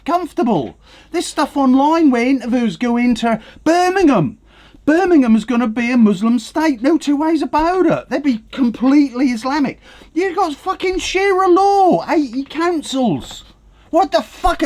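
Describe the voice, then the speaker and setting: A middle-aged man delivering an angry, profane political rant. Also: very high-pitched. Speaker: online commentator. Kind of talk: ranting political commentary.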